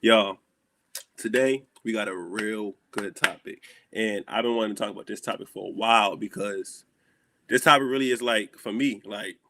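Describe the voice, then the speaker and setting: A young man with a Southern American accent, hosting a casual chat and acting out stories with animated dialogue. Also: on the low side, a little hiss or hum. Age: young adult. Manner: animated storytelling, acts out dialogue. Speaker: host.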